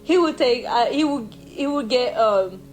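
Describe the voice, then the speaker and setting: A young woman from France, telling a personal story in a vlog in an emotional, halting way with many restarts. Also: a little high, lively intonation, darkish tone, faint music behind, rough recording. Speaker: vlogger.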